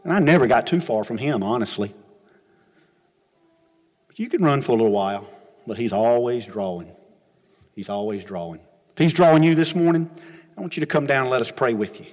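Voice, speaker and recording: A man preaching an earnest sermon as pastor, rising to emphatic questions and dropping low, ending with an altar call. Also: expressive, fast talker, long pauses, a little mellow. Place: church sanctuary. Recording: long hall reverb. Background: music.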